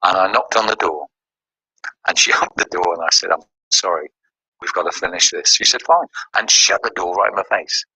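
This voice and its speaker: Husky low-voiced man telling a testimony. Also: a little fast, bright, forceful tone, no echo, rough recording. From United Kingdom. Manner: storytelling with quoted dialogue. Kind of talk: personal testimony.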